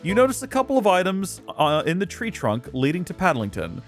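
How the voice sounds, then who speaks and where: A man narrating his video game play with lots of joking exasperation and rambling asides. His voice sits fairly high and bounces around a lot in pitch, with faint game music underneath. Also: huge pitch swings, a little fast. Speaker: let's play host. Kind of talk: game commentary.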